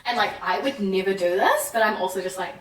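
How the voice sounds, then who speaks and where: Animated New Zealand woman vlogging. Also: mid-range voice, quick pace. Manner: animated, acts out quoted French voices. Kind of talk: casual chatty vlog. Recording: echoey room, mic at a distance.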